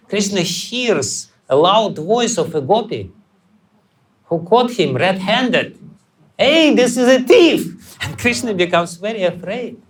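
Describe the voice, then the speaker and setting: A man giving a spiritual lecture on scripture, animated and storytelling, sometimes acting out voices and chanting. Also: sits high. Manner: animated, acts out scenes and chants. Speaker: spiritual teacher. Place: temple hall.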